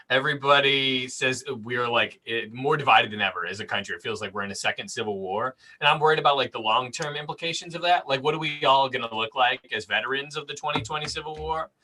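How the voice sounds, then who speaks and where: A young man does a stand-up set over a video call. His delivery is dry and self-deprecating, and his voice sounds bright and forward. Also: medium pitch, a little fast, poor audio. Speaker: stand-up comedian.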